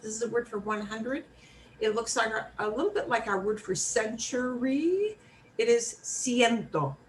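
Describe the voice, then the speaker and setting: A woman teaching a beginner Spanish class, modeling words slowly and repeating them for students. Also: on the high side, expressive, slight background noise, low-quality recording. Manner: slow, clearly modeled pronunciation with repetition drills.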